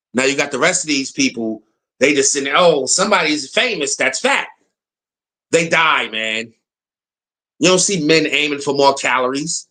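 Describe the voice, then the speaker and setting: A man's voice: medium pitch, sharp tone, poor audio. A man hosting his channel, giving blunt, opinionated reaction commentary. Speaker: channel host.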